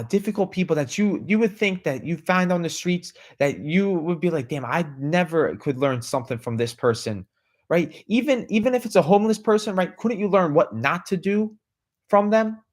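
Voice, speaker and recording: A man's voice: sits high, lively intonation, normal speed. A man hosting a podcast, giving a motivational talk that keeps asking the listener questions, tagging lines with "right?" and "okay?" and repeating words as he restarts. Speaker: podcast host.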